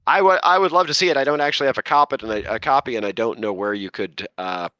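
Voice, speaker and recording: A man's voice: mid-range voice, fast talker, pushed and bright, dry recording, highs cut off. A man co-hosting a casual group chat podcast, talking in a chatty, self-interrupting way. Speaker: podcast co-host.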